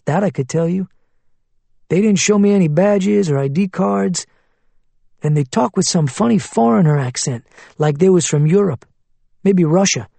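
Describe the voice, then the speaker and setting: A man's voice: high voice, vocal fry, warm tone, no echo, pitched above the performer's own voice, exaggerated voice. A man voicing a folksy, plainspoken male motel manager in an audiobook. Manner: folksy, ungrammatical drawl.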